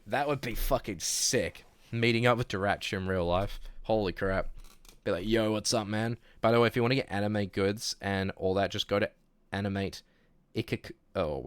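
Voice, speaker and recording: Low-voiced young man with a New Zealand accent. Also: clear, resonant tone, dry recording. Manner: relaxed and chatty, laughs easily, trails off and restarts. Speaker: streamer. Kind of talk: casual livestream chat, reading chat aloud.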